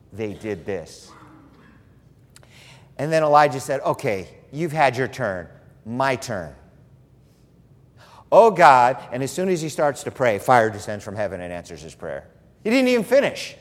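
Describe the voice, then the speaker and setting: Animated, joking male preacher in a hall. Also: medium pitch. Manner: animated, humorous storytelling preacher. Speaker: pastor. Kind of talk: sermon.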